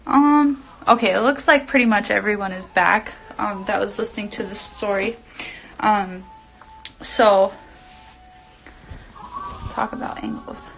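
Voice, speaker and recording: Gravelly young woman rambling on a livestream. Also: medium pitch, steady tone, measured pace, pauses often, fairly bright tone, soft background music, rough recording. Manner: rambling, filler-heavy, swears freely. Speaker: reality TV personality on a livestream. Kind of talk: casual livestream storytelling.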